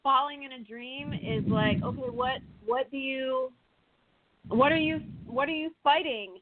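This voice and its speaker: A woman hosting a talk show in casual chat, telling stories with animated acted-out reactions. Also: high-pitched, unhurried, very noisy. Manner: animated storyteller, acts out her own panicked thoughts. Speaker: podcast host. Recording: dry phone-like line.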